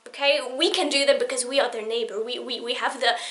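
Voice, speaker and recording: A woman's voice: fairly high pitch, steady tone, fast, bright, forceful tone. Earnest young woman in her twenties. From Poland. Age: 20s. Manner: earnest, emotional, rambling with restarts. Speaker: vlogger. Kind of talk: emotional personal vlog.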